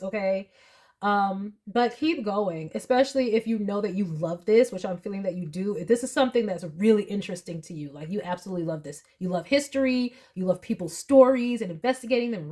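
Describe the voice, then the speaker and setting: A woman's voice: medium pitch, a little mellow. Earnest woman tarot reader. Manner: earnest, emotional, many fillers like "like". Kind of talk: tarot reading to camera.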